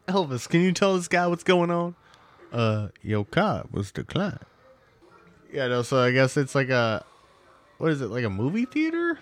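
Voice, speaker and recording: A young man co-hosting a podcast, casually chatting and retelling scenes with swearing and laughter. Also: on the high side. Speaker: podcast co-host. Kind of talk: casual chat reacting to a show.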